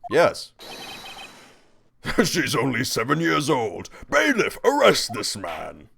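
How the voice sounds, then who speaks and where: A man voicing a confident young defense lawyer in a lowered, deliberate, assertive tone while reading game dialogue aloud. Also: wildly swooping pitch, creaky, pushed and bright, slight background noise, exaggerated voice. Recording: faint game music behind.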